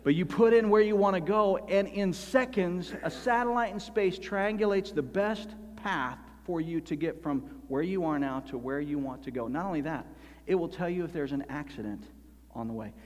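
A man preaching a sermon as pastor, animated and emphatic, slowing down to stress key phrases. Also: a little high. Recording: long hall reverb.

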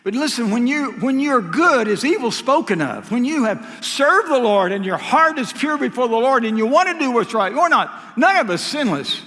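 High-voiced impassioned male preacher in a hall. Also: big pitch swings, moderate pace, few pauses. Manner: impassioned, rising to loud emphatic peaks then dropping low. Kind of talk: sermon. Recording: long reverb of a large hall.

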